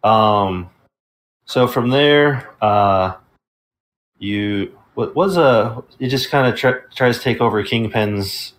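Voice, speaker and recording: Dude with a lowish voice, hesitant, lots of ums, chill podcast recap. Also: male voice, slow. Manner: hesitant, many ums and uhs while recapping. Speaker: podcast co-host. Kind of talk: casual game review chat.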